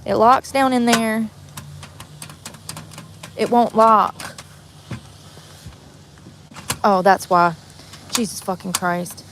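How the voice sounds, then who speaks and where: A young woman ranting bluntly and profanely on a casual live stream, exasperated and loud-mouthed. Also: a little high, drawn-out words, long pauses, background noise. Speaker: livestreamer.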